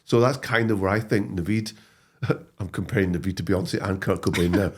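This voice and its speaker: A man, a comedy actor talking as a guest in a casual interview, animated and prone to restarts. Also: low voice, moderate pace. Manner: animated storytelling with frequent restarts.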